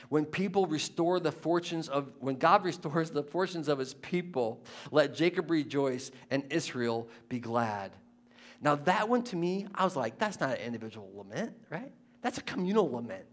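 A man preaching a sermon, moving between quiet, conversational asides and loud, impassioned scripture readings, often asking the listeners questions. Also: a little high, unhurried. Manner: conversational, asks the audience questions.

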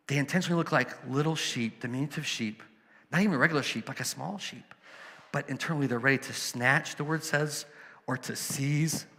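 A man's voice: mid-range voice, a bit bright, in a large hall. A man preaching a sermon as a pastor, conversational and storytelling, with emphatic asides.

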